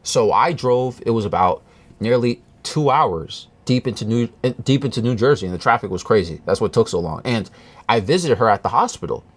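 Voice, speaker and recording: A man telling a personal story to camera in a halting, earnest way, with many restarts and fillers. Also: medium pitch, lively intonation. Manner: earnest, confiding. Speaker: vlogger.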